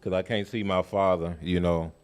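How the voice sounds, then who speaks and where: A man's voice: low-pitched, steady tone, normal speed, clear, resonant tone, lightly acted. A man voicing a biblical brother who earnestly pleads to take another's place. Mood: pleading.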